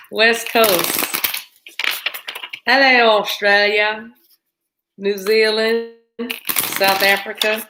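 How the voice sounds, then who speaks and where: A woman's voice: mid-range voice, background noise. American woman, tarot host, casual chat with viewers, easy laughs, audible clicks under the voice. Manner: chatty, warm greetings to viewers, laughs often. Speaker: tarot reader hosting a live stream. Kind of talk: casual live-stream chat.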